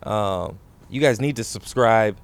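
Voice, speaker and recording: Smooth low-voiced male host. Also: a little slow. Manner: relaxed, laughs easily, repeats words. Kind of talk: casual interview chat.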